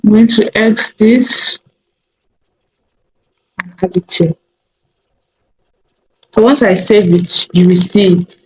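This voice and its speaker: A woman teaching a coding tutorial over a screen recording, thinking aloud slowly with many fillers and small self-corrections. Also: medium pitch, fairly even intonation, darkish tone, low-quality recording.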